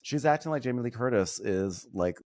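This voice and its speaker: A man guesting on a podcast, chatting casually and slipping into quick mocking impressions, laughing often. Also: mid-range voice, expressive, a little mellow. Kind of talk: casual chat.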